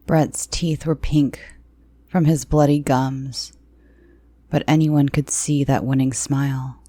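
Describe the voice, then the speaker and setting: A woman narrating a first-person horror story in a slow, hushed, tense reading. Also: rumbling low, no room sound.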